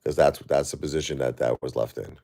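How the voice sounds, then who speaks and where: A middle-aged man live-streaming while grieving, talking to his chat in halting, repetitive, emotional bursts. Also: very deep voice, fairly even intonation, dark tone.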